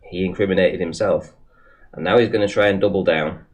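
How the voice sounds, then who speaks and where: A man's voice: low-pitched, steady tone, fairly quick, a little mellow. A man giving sarcastic, scornful commentary over a debate clip.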